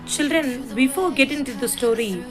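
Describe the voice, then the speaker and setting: A woman presenter reading a scripted lesson introduction in a clear, measured way. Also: high voice, animated, over music, rough recording.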